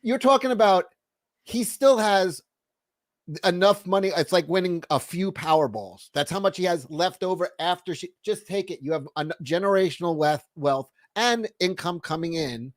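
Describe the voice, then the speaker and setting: Profane, animated man on a dry mic. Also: sits high, normal speed, no room sound. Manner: profane, animated, laughing often. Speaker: podcast host. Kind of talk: casual livestream chat.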